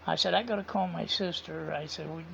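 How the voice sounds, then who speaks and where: A man with a strongly gravelly, rough voice that sits a little high for a man. He tells a story casually and rambles, retelling each conversation line by line with "I said" and "he said". The sound is dull and lo-fi. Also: steady tone, fairly quick, fairly bright tone, a little hiss or hum. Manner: rambling, repeats quoted dialogue with "I said" and "he said". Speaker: vlogger.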